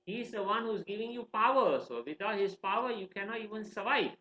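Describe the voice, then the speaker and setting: A man voicing a devout young boy who calmly holds his ground, in a raised, earnest storytelling voice. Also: high voice, brisk, pitched above the performer's own voice. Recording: roomy, slightly dull recording.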